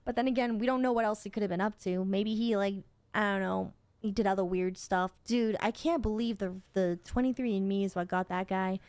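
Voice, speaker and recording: A woman streamer chatting casually while reacting to a video, excitable and full of slang. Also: medium pitch, a little fast, hardly any pauses, clear, resonant tone, no echo. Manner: excitable, slangy, says "bro" a lot. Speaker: VTuber streamer.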